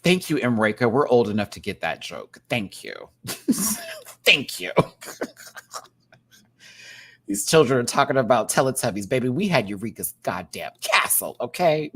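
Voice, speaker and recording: Man, casual commentary, campy and animated, laughs a lot, bright edgy tone, mid-range pitch. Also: normal speed, pauses often. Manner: big jumps in pitch and loudness. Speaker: drag show reviewer.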